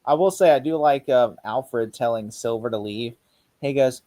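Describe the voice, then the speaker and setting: A man's voice: mid-range voice, normal speed, mellow, dry recording. A man co-hosting a casual podcast chat, rambling and acting out scenes as he retells them. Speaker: podcast co-host.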